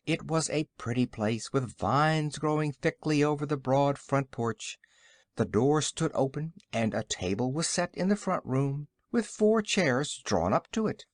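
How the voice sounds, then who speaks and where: Brief: male audiobook narrator, animated storyteller, dead-dry close mic. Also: medium pitch, no room sound. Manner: expressive storytelling. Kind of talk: scripted narration.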